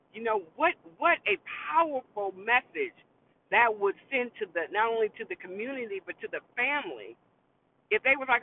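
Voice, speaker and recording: A man's voice: expressive, moderate pace. A man hosting a show, talking in a long-winded, rambling way full of fillers. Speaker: host. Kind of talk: casual commentary monologue. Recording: tinny phone-like sound with faint vehicle rumble.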